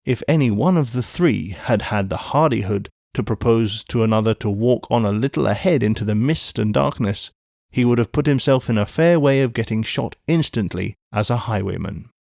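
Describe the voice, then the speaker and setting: A man reading a classic novel aloud in measured storytelling narration. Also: medium pitch, vocal fry, darkish tone, no echo, studio quality. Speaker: audiobook narrator. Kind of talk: scripted narration.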